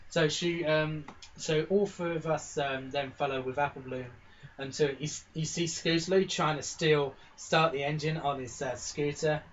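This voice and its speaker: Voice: medium pitch, steady tone, moderate pace. Gm narrating a pony tabletop game, lots of um and like, faintly noisy lo-fi audio. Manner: rambling, filler-heavy narration. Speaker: game master.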